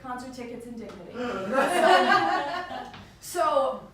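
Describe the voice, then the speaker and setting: A woman's voice: high-pitched, animated, drawn-out words, a bit bright. A woman performing live stand-up in a bar venue, telling a story, swearing freely and laughing through her punchlines. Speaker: stand-up comedian. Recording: echoey room recorded from a distance.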